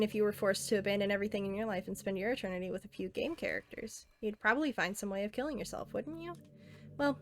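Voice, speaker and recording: A woman reading aloud as a self-aware teenage game girl, earnest and intimate, softly pleading. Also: medium pitch, natural voice.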